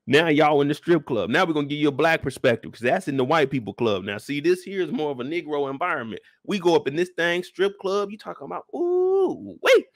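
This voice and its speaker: Brief: outspoken male reviewer, high tenor, dry close sound, blunt and profane, animated rant. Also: fast, hardly any pauses, no echo. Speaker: show reviewer. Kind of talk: ranting show commentary.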